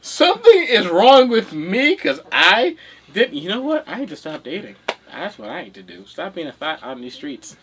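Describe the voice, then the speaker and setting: Bright-voiced New guy, rambling. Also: high-pitched, wildly swooping pitch, normal speed, slight background noise. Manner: rambling, self-mocking, giggly. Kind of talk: casual chat.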